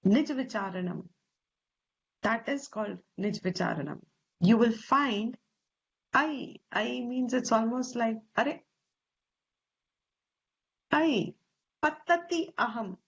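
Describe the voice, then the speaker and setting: Slow-spoken Indian woman teaching scripture. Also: on the high side, lively intonation, creaky, slightly rough. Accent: Indian English. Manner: slow, deliberate, stresses Sanskrit terms, asks rhetorical questions. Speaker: Vedanta teacher. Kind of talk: slow scriptural class explanation. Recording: slightly dull lo-fi recording.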